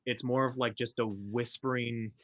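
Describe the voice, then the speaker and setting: A man playing a tabletop game, describing his character's actions in a relaxed, searching way. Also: medium pitch, moderate pace, muffled recording. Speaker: player.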